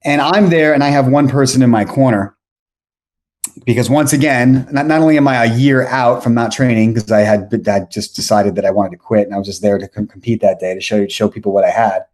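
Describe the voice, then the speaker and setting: Speaking a little fast in a mid-range voice, a forties-aged man on a podcast rambles through an animated story. He frequently goes back to fix what he just said, keeping the storytelling relaxed.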